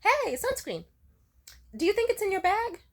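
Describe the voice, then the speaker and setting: A woman's voice: extremely high pitch, big pitch swings, moderate pace, voice pushed up, heavily acted. A woman voicing a flustered, indecisive young man on a date who panics and keeps repeating his questions. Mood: panicky.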